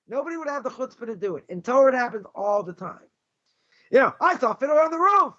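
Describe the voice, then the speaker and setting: A rabbi giving a Torah lecture, blunt, combative and sarcastic. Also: male voice, extremely high pitch, lively intonation, fairly quick, fairly bright tone. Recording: dull lo-fi recording.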